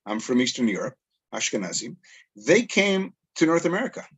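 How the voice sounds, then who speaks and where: A middle-aged man with a Canadian accent, lecturing an audience with animated storytelling, quotes and asides. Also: mid-range voice, brisk, slightly rough. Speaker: educator.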